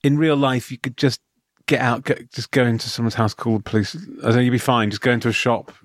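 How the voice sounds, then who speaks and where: A man's voice: medium pitch, steady tone, fast talker, no room sound, studio quality. A man chatting casually about a film, rambling with restarts and laughs. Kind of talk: casual film review chat.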